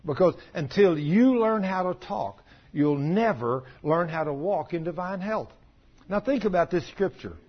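A middle-aged man preaches in a folksy, storytelling way, slipping into the voices of the people he talks about. His voice sits a little high and has a husky edge. The recording sounds muffled and lo-fi. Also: animated, a little slow. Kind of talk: sermon. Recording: dull lo-fi recording.

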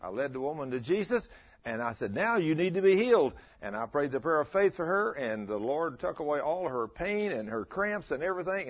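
A husky-voiced preacher in his fifties, telling stories from the pulpit with lively energy. He acts out every exchange as he goes, and the recording sounds dull and lo-fi. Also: on the high side. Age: 50s. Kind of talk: storytelling sermon.

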